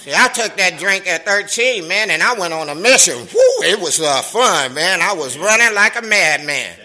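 A middle-aged man shares his recovery story at a meeting, speaking African American Vernacular English in an animated, streetwise way full of profanity and laughter. His voice is high and his pace moderate, and the poor audio carries a little hiss or hum.

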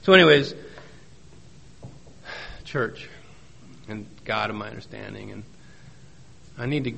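A man's voice: lowish voice, unhurried, vocal fry, a bit bright, slight background noise. Middle-aged man telling his recovery story. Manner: folksy storytelling with joking asides; repeats key phrases for emphasis. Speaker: speaker at a recovery meeting. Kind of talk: personal testimony talk.

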